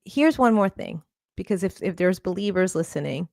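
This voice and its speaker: A woman's voice: lowish voice, lively intonation, moderate pace, vocal fry, a little mellow, no echo, studio quality. A woman therapist, a guest on a podcast, talking in an earnest, encouraging way. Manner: earnest, encouraging, laughs often. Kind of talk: casual interview talk.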